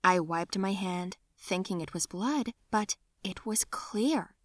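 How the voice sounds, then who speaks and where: A young woman narrating her own animated story in the first person, acting out her cries with strong emotion. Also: medium pitch, takes it slowly, dry recording, clean studio sound.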